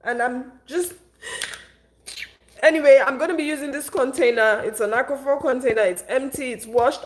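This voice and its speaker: A woman's voice: high-pitched, moderate pace, a little hiss or hum. A young woman vlogging on a live stream, tearful and upset, venting in casual rambling chat.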